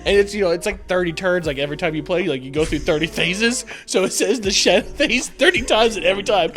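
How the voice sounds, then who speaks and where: A man co-hosting a casual gaming podcast, joking and breaking into loud goofy exclamations. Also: high-pitched, lively intonation, fast, faint music behind. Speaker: podcast co-host. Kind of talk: casual chat.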